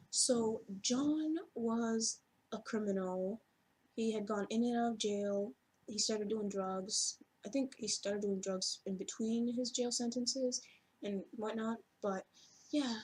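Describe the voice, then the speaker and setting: A woman's voice: mid-range voice, a little mellow, breathy edge. A woman telling a personal story to camera in a casual, rambling way, full of "like" fillers and offhand swearing.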